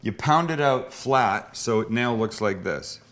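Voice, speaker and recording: A man's voice: lowish voice, lively intonation, measured pace, fairly bright tone. A man hosting a casual cooking demonstration in a home kitchen, joking and wisecracking as he explains each step. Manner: joking, wisecracking, a bit profane. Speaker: cooking show host.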